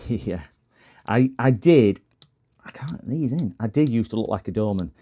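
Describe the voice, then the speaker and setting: A man fixes things at his home workbench and chats with his stream as he goes. His voice is fairly low, animated, mellow and husky at a measured pace, and his rambling stories come in fits and starts, with plenty of restarts and laughs.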